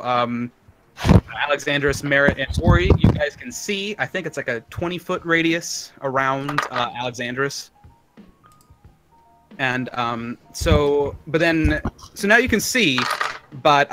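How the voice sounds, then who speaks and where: A man's voice: fairly high pitch, a little slow, bright, forceful tone, low-quality recording. A man narrating as game master of a tabletop game, describing scenes in a loose, descriptive way with many fillers.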